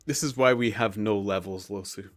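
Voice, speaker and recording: Man, streamer, casual chat to viewers, relaxed, chuckling, dry close sound, soft background music. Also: fairly low pitch, normal speed, dry recording. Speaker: livestreamer.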